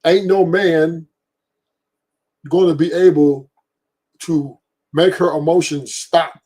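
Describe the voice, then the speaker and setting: A man's voice: on the high side, fairly even intonation, takes it slowly, warm tone, low-quality recording. A laid-back man, explaining his view on a talk show. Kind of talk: casual debate talk.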